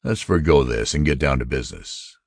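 Guy doing a slick confident councilman, curt, very deep, dry. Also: animated, gravelly, breathy edge, no echo, exaggerated voice. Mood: brisk. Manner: brisk, curt. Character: crisp, confident male politician.

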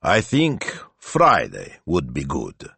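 Man playing gruff older father, deep, low, quiet, slow grunting delivery, dry. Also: wildly swooping pitch, no echo, heavily acted.

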